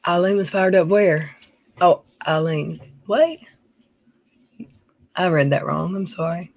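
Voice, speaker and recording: A woman's voice: fairly low pitch, lively intonation, slow pace, vocal fry, darkish tone, dry recording. A middle-aged woman, chatting casually on a home live stream, reading viewer names and talking in a folksy way. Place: dim room at home.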